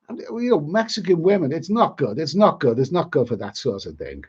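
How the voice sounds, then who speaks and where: A man with a Liverpool accent chats casually on a live stream, rambling and blunt, with a fair bit of grumbling. His voice sits fairly high and a little husky. The sound is dull and lo-fi. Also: very animated, fairly quick, hardly any pauses, darkish tone. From Liverpool, England. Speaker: travel vlogger.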